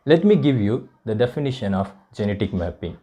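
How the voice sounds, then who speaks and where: A man with an Indian English accent, teaching a biology lesson and slowly repeating each point as if for dictation. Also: lowish voice, very animated, dark tone. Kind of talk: classroom lecture.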